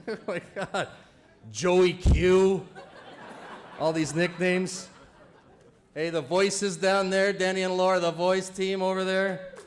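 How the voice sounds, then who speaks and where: Brief: a man roasting a friend onstage, slightly higher voice, laughs through the punchlines. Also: level tone, slow, long pauses, a little hiss or hum. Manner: chuckles through his jokes, loose and teasing. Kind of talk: stand-up roast set. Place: banquet event before a live audience.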